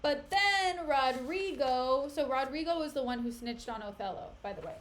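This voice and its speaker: A woman streamer casually retelling a play in a chatty, animated way. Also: high voice, moderate pace, a little hiss or hum. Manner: animated, chatty, laughs often.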